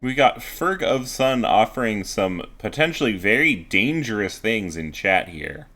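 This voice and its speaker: A man's voice: lowish voice, very animated, measured pace, bright, forceful tone. A man casting an amateur esports league on a live stream, chatting casually and doing playful, mock-formal sponsor reads. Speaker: esports caster.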